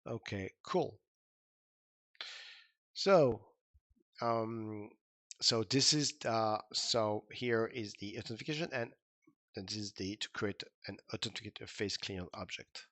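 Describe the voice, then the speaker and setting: A man's voice: on the low side, slow, long pauses, a bit bright, dry recording. A man giving an informal coding tutorial, thinking aloud with many fillers and restarts. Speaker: instructor. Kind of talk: screen-recorded coding tutorial.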